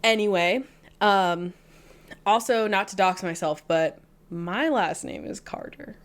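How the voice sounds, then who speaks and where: A woman from the American South co-hosts a podcast at a middle pitch. She chats loosely and playfully with her co-host. She keeps slipping in self-mocking jokes. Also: takes it slowly. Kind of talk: casual chat.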